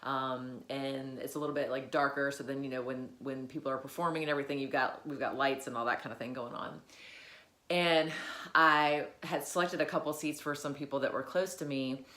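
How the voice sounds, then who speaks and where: A woman from Virginia speaking in a personal faith vlog, talking haltingly with many fillers. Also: a bass voice, steady tone, fairly bright tone, echoey room. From Virginia, USA. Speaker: vlogger.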